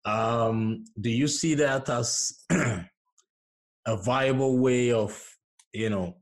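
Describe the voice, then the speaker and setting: A man hosts a casual interview in a mid-range voice. He asks questions in halting pieces and nods along with short affirmations. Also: mid-range voice. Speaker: host.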